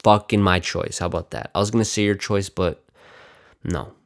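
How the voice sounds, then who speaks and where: A man's voice: sits low, moderate pace, vocal fry. A man hosting his own podcast, talking in a casual, rambling monologue. He swears constantly, mocks himself and calls his listeners dude and bro. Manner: profane, rambling, self-mocking, talks to viewers as "dude" and "bro". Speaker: podcast host.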